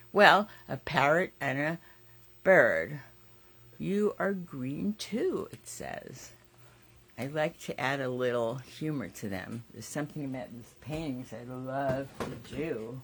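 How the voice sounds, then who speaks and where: A woman's voice: deep voice, fairly bright tone, husky. A woman artist hosting her own weekly show, chatting casually and effusively as she shows her work, with rambling asides. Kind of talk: casual live show-and-tell.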